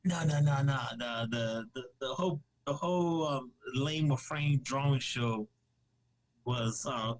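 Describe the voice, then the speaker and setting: On poor audio, a man speaks at a medium pitch and a little slowly. A comic creator appearing as a podcast guest, he chats casually on a live stream, rambling with many restarts and fillers while joking and laughing readily.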